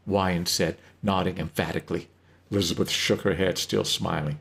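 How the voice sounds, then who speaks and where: A man narrating a story in an unhurried reading, with occasional slips. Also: sits low, fairly even intonation, creaky, a bit bright.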